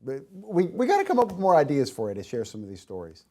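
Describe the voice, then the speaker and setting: Fast-talking man hosting a sports chat. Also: on the high side, wildly swooping pitch, warm tone. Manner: quick, joking banter. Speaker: host.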